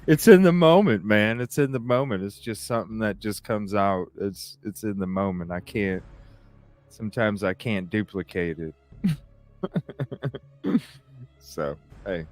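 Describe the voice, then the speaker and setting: A man's voice: fairly low pitch, expressive, unhurried, no room sound, faint music behind. A man hosting a live podcast, chatting casually, laughing often and swearing as he rambles. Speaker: podcast host. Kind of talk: casual live-stream chat.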